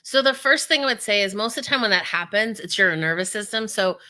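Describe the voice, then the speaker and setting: A woman speaking coach as an interview guest, energetic and acting out inner voices as she explains. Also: mid-range voice, fast talker.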